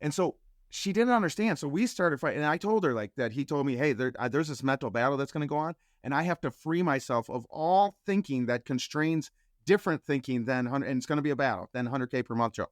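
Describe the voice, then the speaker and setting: A man telling a personal story as a podcast guest, acting out the quoted dialogue with lively shifts in voice. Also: mid-range voice, fast talker, dry recording, clean studio sound. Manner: animated storyteller who acts out quoted dialogue.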